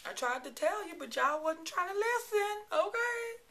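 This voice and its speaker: A woman's voice: extremely high pitch, lively intonation, moderate pace, pushed and bright. A woman in her thirties with a Virgin Islands accent, chatting playfully to camera and laughing often. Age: 30s. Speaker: vlogger. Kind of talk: casual chat to camera.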